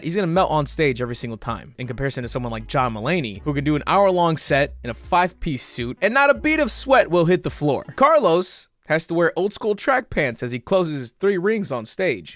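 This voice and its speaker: A man's voice: a little high, a bit bright, no echo. A man hosting a comedic review video, talking in a casual, sarcastic and profane way. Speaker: YouTube comedy reviewer host. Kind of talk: comedic video essay commentary.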